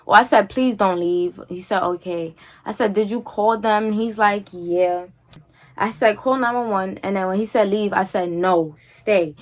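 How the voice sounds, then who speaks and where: A young woman vlogger, telling a story to camera in a casual, animated, slangy way. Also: mid-range voice. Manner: animated, slangy, repeats "like" and "feel me".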